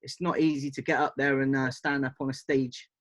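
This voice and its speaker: A man in his fifties from Bristol, an interview guest who talks in an easygoing, thoughtful way with many pauses and "um"s. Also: medium pitch, little pitch movement, a bit bright. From Bristol, England. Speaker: interview guest, hip hop artist. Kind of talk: casual interview chat.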